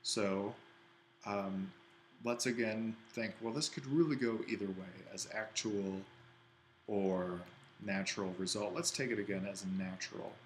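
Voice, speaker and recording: A man's voice: lowish voice, steady tone, a little slow, a little hiss or hum, low-quality recording. A man teaching an ancient Greek exercise, thinking aloud and correcting himself as he writes. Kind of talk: worked-exercise lesson.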